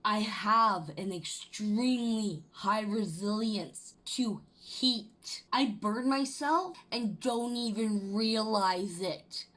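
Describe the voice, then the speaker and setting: A young adult woman ranting to her camera at an unhurried pace. She swears freely, keeps restarting her sentences and jumps into loud, high bursts. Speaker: vlogger. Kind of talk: casual rant to camera.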